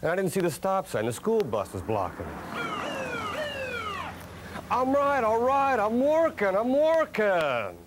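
A man's voice: sits high, wildly swooping pitch, unhurried, long pauses, a little hiss or hum, full character voice. A man doing a cocky, sing-song drug dealer. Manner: cocky sales patter. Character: brash, swaggering male drug dealer on the job.

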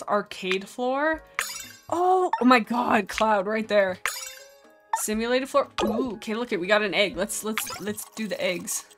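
A woman streaming a video game, chatting casually and excitedly talking to the little creatures on screen. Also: mid-range voice. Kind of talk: casual gameplay commentary. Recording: music playing behind the voice.

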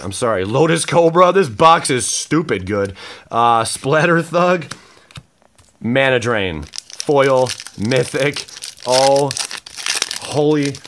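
Excitable man opening trading card packs. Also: fairly low pitch, slight background noise. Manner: excitable, exclaims often, swings between shouting and muttering. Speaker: card-opening channel host. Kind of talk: excited unboxing vlog.

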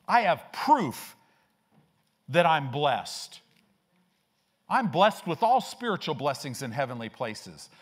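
This is an older man delivering a sermon from the pulpit, his voice sitting a bit high for a man. His delivery is animated, with wide swings of pitch and frequent rhetorical questions aimed at the listeners. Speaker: pastor.

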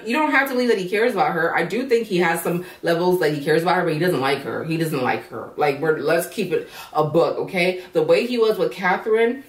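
A woman reviewing a reality show in a blunt, profane, animated rant. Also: medium pitch, distant mic. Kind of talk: casual rant. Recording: echoey room, voice from off-mic.

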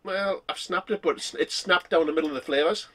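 A man's voice: fairly high pitch, fairly quick, bright, forceful tone. A man vlogging as he tastes snacks, talking casually and laughing often. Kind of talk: casual snack tasting chat.

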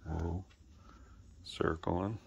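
A man talking to his pets outdoors in a coaxing, playful way, calling them in high sing-song baby talk and teasing them with mild swearing. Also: fairly even intonation, extremely slow, creaky, breathy edge, dull audio. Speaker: pet owner filming animals. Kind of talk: casual talk to animals.

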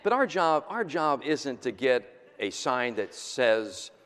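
A man preaching a sermon as the pastor, talking in a loose, conversational way and jumping from loud exclamations to quiet asides. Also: medium pitch, very animated, slow pace. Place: church sanctuary. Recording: reverberant church hall.

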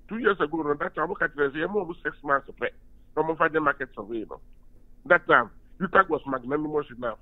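A man's voice: a little high, expressive, quick pace. A Ghanaian university lecturer and union official giving an emphatic phone-in radio interview, switching between Twi and English. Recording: tinny phone line.

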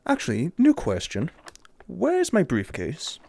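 A young English man commenting jokingly and sarcastically while playing a horror game, getting excited easily. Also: fairly high pitch, measured pace, vocal fry. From England. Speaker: gamer.

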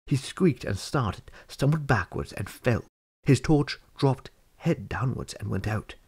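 Gravelly husky guy reading a fantasy story aloud, measured and hushed at times. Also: medium pitch, expressive. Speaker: audiobook reader. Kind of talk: storybook narration.

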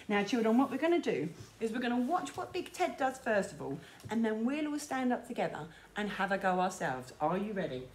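A woman's voice: fairly high pitch, sing-song, moderate pace. A woman leading a sing-along music lesson for small children, coaxing and sing-song as she talks and counts with them. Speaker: children's music class leader.

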